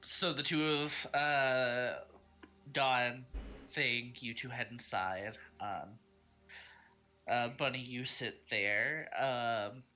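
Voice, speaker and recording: A man running a tabletop game over voice chat, talking slowly and pausing often with ums and uhs. His tone is bright and clear, his pitch middling. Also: fairly even intonation, soft background music. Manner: hesitant, many ums and uhs. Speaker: game master. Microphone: online voice chat.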